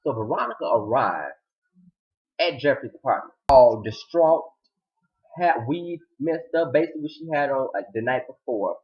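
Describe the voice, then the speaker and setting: A man giving a casual, animated recap of a TV drama episode, retelling scenes dramatically and acting out the characters' lines. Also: medium pitch, normal speed, dull audio. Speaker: TV show reviewer.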